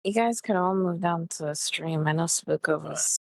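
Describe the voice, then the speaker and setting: A woman's voice: on the low side, moderate pace, creaky, no room sound, rough recording. A young adult woman who has just woken up, chatting affectionately and sleepily with friends on a stream. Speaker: guest friend on call. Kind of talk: casual chat.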